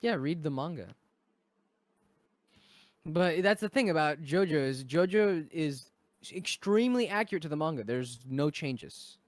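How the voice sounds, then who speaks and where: A man chatting casually on a podcast, retelling stories with lively acted-out quotes. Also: on the high side, measured pace, dry recording. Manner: animated storyteller, acts out quotes. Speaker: podcast cast member. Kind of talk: casual chat.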